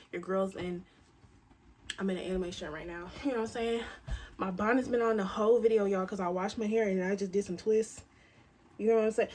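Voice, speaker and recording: A woman's voice: medium pitch, slight background noise. Chatty young woman vlogging. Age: 20s. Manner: chatty, animated, swings loud to soft. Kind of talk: casual chat to camera. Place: cabin.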